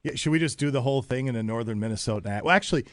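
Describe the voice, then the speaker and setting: A man's voice: medium pitch, no echo. A man hosting a morning radio show, chatting in a jokey, rambling way from a radio studio. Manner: jokey, rambling, quick asides. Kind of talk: casual radio chat.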